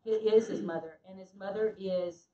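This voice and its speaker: A woman's voice: mid-range voice, fairly even intonation, moderate pace, dark tone, reverberant, recorded from a distance, highs cut off. A woman co-teaching a church marriage class, earnest and emphatic, acting out what couples say. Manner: earnest, emphatic, acts out quotes.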